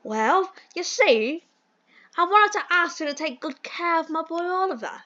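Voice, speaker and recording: A woman voicing a fussy, flowery old-fashioned gentleman in a dating sim, with a put-on British accent and a pompous, theatrical manner. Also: very high voice, lively intonation, unhurried, dull audio, exaggerated voice.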